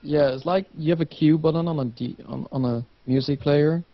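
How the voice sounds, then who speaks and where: A man's voice: a little high, a little fast, no room sound. A man guest on a game cast, chatting easily and casually over a voice call. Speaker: guest player. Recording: dry muffled voice call.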